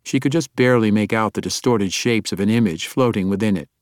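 A man narrating a fantasy audiobook in a measured, even storytelling manner. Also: fairly low pitch, no echo, clean studio sound.

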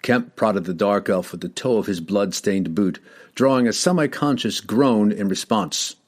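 A man narrating a fantasy audiobook in a dramatic, expressive storytelling manner. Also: fairly low pitch, moderate pace.

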